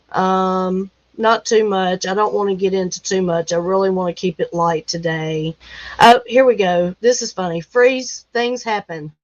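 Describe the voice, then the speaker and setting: Slow-talking woman, folksy and laughing. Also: mid-range voice, no echo, muffled recording. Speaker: livestream host. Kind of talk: casual chat reading news headlines. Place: rural home.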